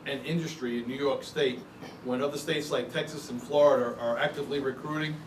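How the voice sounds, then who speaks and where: A man reading out questions in a matter-of-fact way, heard from across a roomy hall. His voice sits at a middle pitch, with faint noise around him. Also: fairly even intonation, brisk. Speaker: question moderator. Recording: echoey room, far from mic, faint noise.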